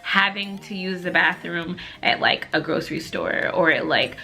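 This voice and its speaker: A woman's voice: fairly low pitch, moderate pace, creaky, sharp tone, faint music behind. A young woman vlogger chatting casually to camera with lots of fillers, laughing as she tells stories.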